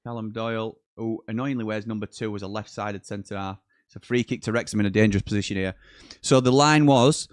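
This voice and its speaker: Speaking quickly in a lowish voice, a man hosts a live football watchalong, chatting and reading out viewers' live chat messages in between commentary. Goals get him excited, and the clean studio sound has no echo.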